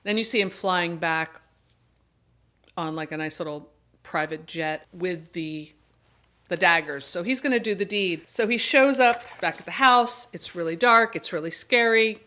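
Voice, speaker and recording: A woman's voice: on the low side, measured pace, pushed and bright. A woman hosting a horror book and film channel, giving a casual review monologue and retelling the plot with enthusiasm and many restarts.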